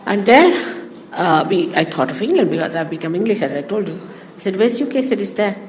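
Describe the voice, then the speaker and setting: A woman's voice: mid-range voice, sing-song, a little fast, a little mellow. A woman from India, a spiritual teacher giving a spoken talk to followers, rambling through anecdotes with asides. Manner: anecdotal, digressive storytelling with asides. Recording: echoey hall with faint background noise.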